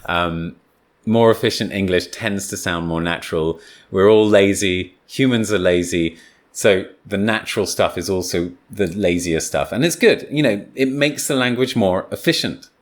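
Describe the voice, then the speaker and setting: A man teaching English pronunciation in a relaxed, chatty way, with many fillers and restarts. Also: low-pitched, moderate pace. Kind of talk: casual spoken lesson.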